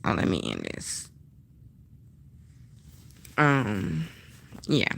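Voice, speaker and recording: A woman's voice: rumbling low, wildly swooping pitch, very slow, creaky. A woman hosting a livestream, speaking in a blunt, profane, heated rant and repeating her points. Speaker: livestream host. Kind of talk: casual ranting livestream commentary.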